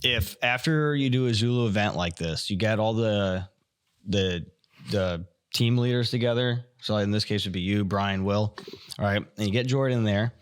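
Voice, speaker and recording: Chatty man pitching ideas. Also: moderate pace, clean tone. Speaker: podcast co-host. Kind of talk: casual podcast chat.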